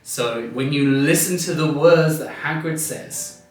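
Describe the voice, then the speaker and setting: A man's voice: on the high side, a little slow, distant mic, faint music behind. British man teaching in a roomy space. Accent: British English. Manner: explains patiently, checks understanding with "right?". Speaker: English teacher. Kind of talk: casual explanatory lesson.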